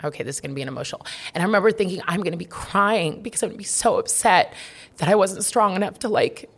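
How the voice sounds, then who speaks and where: A woman's voice: fairly low pitch, fast. A young woman in a candid interview, openly and emotionally reflecting on a hard past relationship. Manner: open, reflective, emotional storytelling. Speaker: guest.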